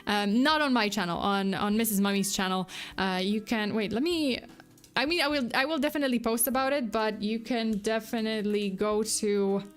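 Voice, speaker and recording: A woman's voice: medium pitch, normal speed, faint music behind. A woman streaming as a VTuber, chatting casually with her viewers in a rambling way with many restarts. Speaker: VTuber true crime streamer. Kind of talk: casual livestream chat.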